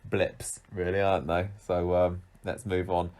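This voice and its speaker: A man's voice: deep voice, monotone, unhurried, a little mellow. A man co-hosting a casual chat, talking in a rambling, chatty way with frequent restarts. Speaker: podcast co-host. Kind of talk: casual chat rating soap characters.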